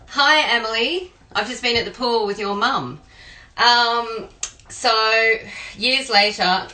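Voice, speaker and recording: This is a chatty cooking demo from an Australian private chef and home cook, who tells long, meandering anecdotes while making a pie. Her fairly low voice has a sharp tone, and the low-quality recording sounds roomy.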